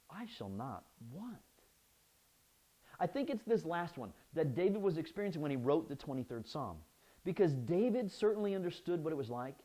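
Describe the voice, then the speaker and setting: A man's voice: a little high, mellow, rough recording. A man preaching a sermon as pastor, often restarting his phrases and asking the listeners "right?".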